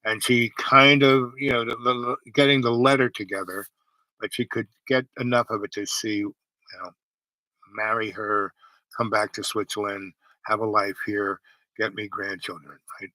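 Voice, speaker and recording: A man's voice: lowish voice, flat delivery, normal speed, sharp tone, no room sound, rough recording. A man host telling a personal story in a casual, rambling way, full of "you know" and restarts.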